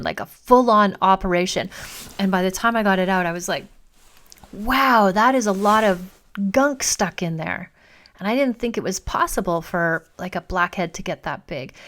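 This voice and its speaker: A middle-aged woman hosting her own coaching podcast, telling a personal story in a casual, animated way and acting out both sides of a conversation. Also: mid-range voice. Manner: animated, acts out quoted dialogue. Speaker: life coach, podcast host.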